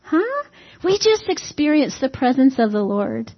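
A woman with a fairly high voice delivers a relaxed, homey sermon, tossing questions out to the congregation and slipping in little jokes. The recording is dull and lo-fi, with the top end muffled. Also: unhurried, slightly rough. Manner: conversational, asks the congregation rhetorical questions; folksy humorous asides. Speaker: preacher.

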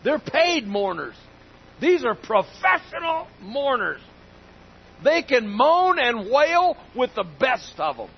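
A man's voice: extremely high pitch, sing-song, slow pace, vocal fry, highs cut off, slight background noise. A man preaching a sermon in an emphatic, folksy way, repeating key phrases for weight. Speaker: pastor.

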